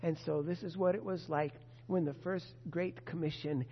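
A pastor preaching a sermon to his congregation, emphatic and expressive. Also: a little high, moderate pace, a little hiss or hum. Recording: dull lo-fi sound with long reverb.

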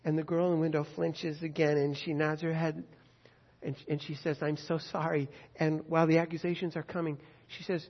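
A man preaching a sermon, earnest and emphatic, slowing down on key phrases. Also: on the high side, little pitch movement. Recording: dull sound with long hall reverb.

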